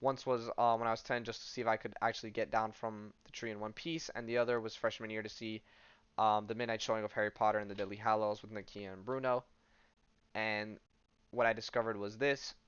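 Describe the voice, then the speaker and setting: Picture an eager, anxious teenage girl, as a man reads her lines in his ordinary voice. The voice sits low and smooth, with a dull, dry sound close to the mic. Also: level tone, fairly quick, fairly bright tone, dry recording, lightly acted. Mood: earnest.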